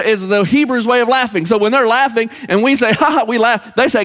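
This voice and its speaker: A man preaching a sermon to his congregation, halting and repeating words as he calls out to the church. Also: high voice, a bit bright. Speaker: pastor. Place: church sanctuary. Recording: church hall with long reverb.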